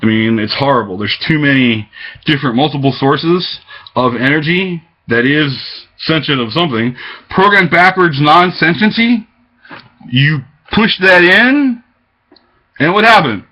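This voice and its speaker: A man's voice: on the high side, animated, unhurried, bright, forceful tone. Agitated rambling man on lo-fi webcam. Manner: agitated, rambling, jumps between topics. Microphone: webcam microphone. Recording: dull lo-fi webcam audio.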